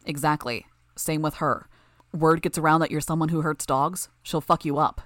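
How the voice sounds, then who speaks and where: A woman doing a calm, low young man. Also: moderate pace, dry recording, clean studio sound. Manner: calm, even. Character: calm steady young male team spokesman.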